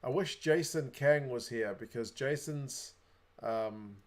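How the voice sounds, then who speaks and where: A man's voice: medium pitch, slow. A young adult man with a New Zealand accent, hosting a casual livestream, chatting away and reading viewer comments aloud. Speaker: livestream host.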